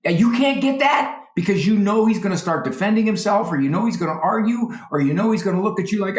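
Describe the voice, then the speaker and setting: A high-voiced man in a roomy-sounding space serves as a psychologist guest. Parenting advice comes out animated, punctuated by quick impressions of parents and children.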